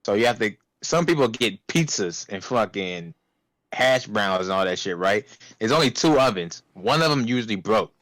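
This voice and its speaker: A young man casually telling a profane, animated story about a fast-food job, acting out customers' voices. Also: on the low side, no echo. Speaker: podcast co-host.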